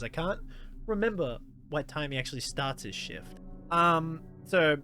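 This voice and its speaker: A man's voice: a little high, lively intonation, moderate pace, bright, forceful tone, soft background music. A man casually recapping a movie plot in a rambling way, full of fillers and with frequent laughs. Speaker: YouTuber reviewing a movie.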